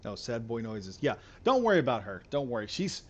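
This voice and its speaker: A man's voice: mid-range voice, big pitch swings, brisk, muffled recording. A man chatting loosely to viewers while he live streams a game, rambling and repeating himself. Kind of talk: casual live stream chat while gaming.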